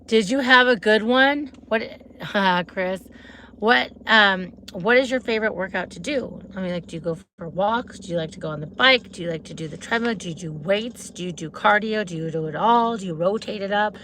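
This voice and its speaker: A woman's voice: mid-range voice, moderate pace, sharp tone, slight background noise. A woman from Wisconsin with a Midwestern accent, chatting casually with viewers on a livestream and rambling from question to question. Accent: Midwestern American (Wisconsin). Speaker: livestream host.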